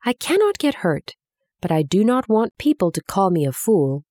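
A woman voicing a friendly, gentle male scarecrow made of straw, earnest, simple and a little sad. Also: mid-range voice, very animated, moderate pace, no room sound, studio quality.

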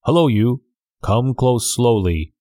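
A man doing a gruff, wary coach guard. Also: medium pitch, lively intonation, takes it slowly, dry recording, studio quality. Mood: suspicious. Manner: shouting warnings.

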